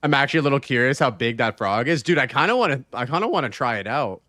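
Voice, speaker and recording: A man hosts a live game stream in easy, rambling chat, reacting to his chat and swearing loosely. His voice sits at an ordinary middle pitch and comes through close and dry, with no room sound around it. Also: quick pace, no room sound. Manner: loose and excitable, swears, reads chat aloud. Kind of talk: casual live-stream chat while gaming.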